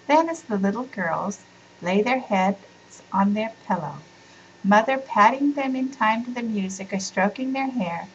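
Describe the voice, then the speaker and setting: A woman reading a children's bedtime story aloud in a gentle, soft-spoken way. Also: medium pitch, slight background noise, rough recording.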